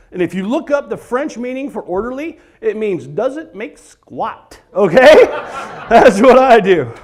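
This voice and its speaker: A man in his forties doing a comedy monologue at a church event, acting out stories with sung and screamed bits. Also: sits high. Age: 40s. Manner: animated storyteller, breaks into singing and screaming bits.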